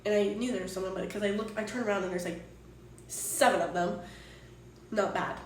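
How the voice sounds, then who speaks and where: Defending herself to her chat, this woman streams from an apartment, rambling, exasperated and cursing freely in a casual way. She has a medium pitch and a brisk delivery, with a little hiss or hum audible. The mic is distant in an echoey room.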